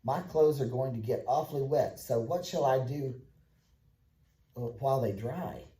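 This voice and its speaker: A man's voice: medium pitch, normal speed, mellow, lightly acted. A man reading a children's story, voicing a sensible teenage boy who takes charge as the eldest brother, in an echoey room.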